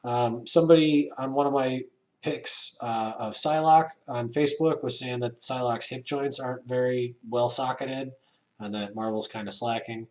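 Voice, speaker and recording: A man casually reviewing an action figure, relaxed and rambling, with many fillers. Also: medium pitch, normal speed.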